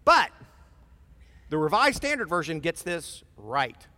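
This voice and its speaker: Man, pastor, animated sermon, fairly high voice, lively swings, reverberant hall. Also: takes it slowly. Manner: animated, conversational preaching with acted-out voices. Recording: long reverb of a large hall.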